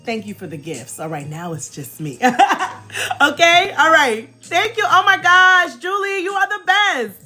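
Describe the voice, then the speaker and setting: A woman's voice: extremely high pitch, unhurried, faint music behind. A woman hosting a live stream in casual, bubbly chat. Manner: bubbly, laughs often, animated.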